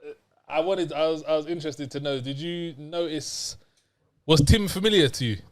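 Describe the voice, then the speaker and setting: Slangy guy co-hosting a podcast, a little higher pitched. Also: normal speed. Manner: chatty, slangy, says "bro" and "man". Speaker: podcast co-host. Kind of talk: casual chat.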